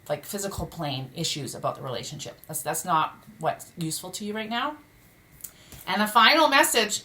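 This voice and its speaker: A woman reading tarot cards at home, chatty and expressive, exclaiming at what she turns over and speaking bluntly. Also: fairly low pitch. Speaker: tarot reader. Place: home room during a move.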